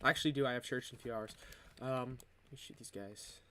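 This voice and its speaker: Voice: medium pitch, steady tone, brisk, bright, forceful tone. A streamer giving casual commentary while playing a shooter game, grumbling about the enemies. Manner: mutters and complains while playing.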